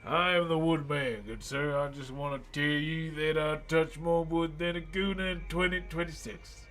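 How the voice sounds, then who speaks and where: A man putting on the voice of a jokey gruff man called the Woodman, greeting people with mock-formal hamminess. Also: fairly high pitch, fairly even intonation, normal speed, fairly bright tone, faint music behind, natural voice. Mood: hammy.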